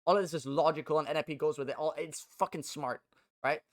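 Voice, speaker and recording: A man's voice: fairly high pitch, fairly even intonation, fast. A young man who plays esports and streams, ranting casually to his viewers, agitated and profane, with many stumbles and restarts.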